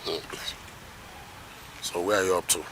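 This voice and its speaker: A deep-voiced insistent neighbor. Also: male voice, flat delivery, measured pace, fairly bright tone. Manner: insistent, concerned. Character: kind neighbor, insistent helper. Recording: street noise, passing vehicles.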